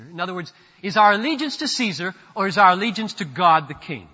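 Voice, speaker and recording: A male pastor preaches a sermon in an animated, brisk voice, making emphatic declarations and then suddenly dropping into low, quiet asides. The recording is muffled, with a long reverb tail.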